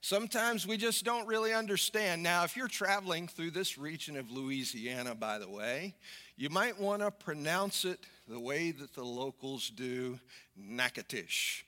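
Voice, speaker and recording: A man preaching a sermon as pastor, telling a folksy story with lively, conversational delivery. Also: fairly high pitch, normal speed, in a large hall. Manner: folksy storytelling, animated when acting out characters.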